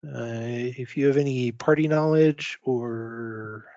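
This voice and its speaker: Slow, hesitant male game master. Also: medium pitch, darkish tone, dry recording, highs cut off. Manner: slow, hesitant, many fillers. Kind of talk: narrating a tabletop game.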